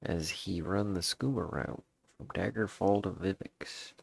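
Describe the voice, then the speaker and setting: Gruff old sea-captain, put on by a man, Southern drawl, raspy-husky, game journal reading. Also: deep voice, exaggerated voice. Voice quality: gravelly, drawn-out pirate speech. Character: boastful old male pirate captain, gruff.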